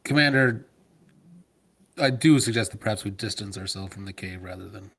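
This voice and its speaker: A man voicing a formal, deep-voiced male starship officer who speaks in stiff, formal phrasing. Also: moderate pace, creaky, fairly bright tone, breathy edge, heavily acted.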